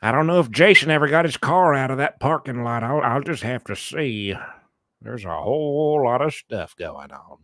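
A man giving sarcastic reaction commentary on a recorded phone call, mumbling low, then bursting out in exasperation. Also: expressive, normal speed, pushed and bright, no room sound, studio quality. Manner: sarcastic, mocking, swings between mumbling and exasperated outbursts.

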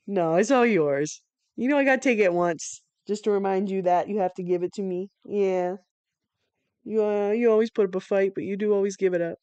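A woman's voice: medium pitch, fairly quick, darkish tone, smooth, no room sound, lo-fi sound. A woman giving casual live play-by-play commentary from home, laid-back and swearing freely between plays.

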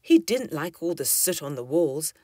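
Woman reading a children's story with lively expression. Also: sits low, moderate pace, dry recording, clean studio sound. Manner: expressive and lilting.

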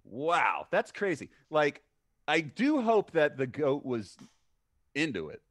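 A man co-hosting a casual podcast, answering with laid-back, deadpan jokes. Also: a little high, slow pace. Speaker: podcast co-host. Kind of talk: casual chat.

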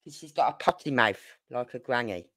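A woman's voice: rumbling low, expressive, a little fast, fairly bright tone, no room sound, studio quality. An older woman from Birmingham with a Brummie accent, hosting a livestream in a rambling, chatty way with exasperated asides. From Birmingham, England. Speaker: true crime livestream host. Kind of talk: casual chat.

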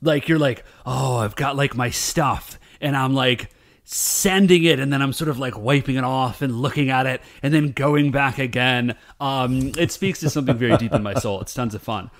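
A man co-hosting a podcast in casual chat, animated and rambling, full of fillers. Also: mid-range voice, moderate pace. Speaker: podcast co-host.

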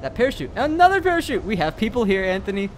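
Young man, goofy gamer banter, lively pitch, faint hiss behind. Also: quick pace. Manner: goofy, teasing, directs his partner. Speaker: gaming channel co-host. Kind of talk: casual gameplay banter.

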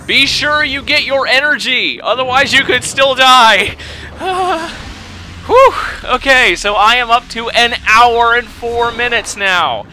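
A young man commentating his own video game run, swinging between frustrated shouting and swearing and calm explanations of tactics. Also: very high voice, slow, a little hiss or hum. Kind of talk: let's play commentary.

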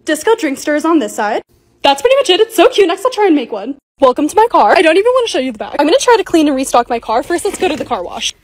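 Brief: young woman vlogger, high voice that bounces around a lot, bubbly and excitable voice-over. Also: racing. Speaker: lifestyle vlogger. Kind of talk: voice-over vlog narration.

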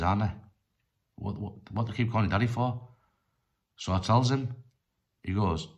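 Rambling deep-voiced man. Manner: rambling, halting, with many restarts and "like" fillers. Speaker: storyteller vlogger. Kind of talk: casual personal storytelling.

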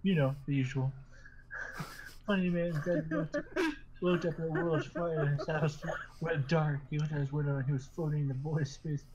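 Guy reading goofy stories out loud to his friends, keeps cracking up, kinda high voice, dull lo-fi sound. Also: steady tone, background noise. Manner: reads haltingly, often breaking into laughter. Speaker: podcast host.

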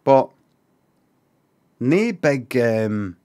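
A man's voice: medium pitch, moderate pace, long pauses. A Glaswegian man streaming, giving rambling, sweary reaction commentary with lots of restarts. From Scotland.

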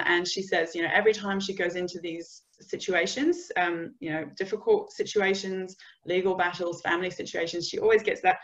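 A woman's voice: mid-range voice, fairly bright tone, highs cut off. A woman from the UK giving a conversational business communication webinar, sometimes acting out example phrases. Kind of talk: webinar presentation.

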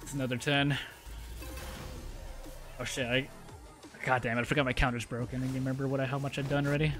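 A man telling a funny work story, then reacting loudly to a fighting game, laughing and swearing freely. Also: medium pitch, level tone, quick pace, music in the background. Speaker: gaming YouTuber. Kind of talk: storytelling and live gameplay commentary.

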